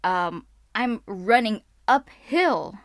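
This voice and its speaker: Excitable young woman telling a storytime. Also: medium pitch, no echo, studio quality. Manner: jittery, fast and a little messy when excited. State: trying not to sound out of breath. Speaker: vlogger. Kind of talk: casual storytime. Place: indoors, talking to camera. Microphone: camera mic.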